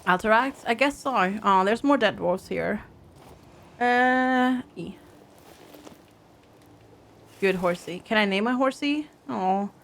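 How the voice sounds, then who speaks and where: A woman with a medium-pitched voice streams a video game, chatting casually with her viewers, giggling, and reading in-game books aloud. She takes it slowly with long pauses, and there's slight background noise.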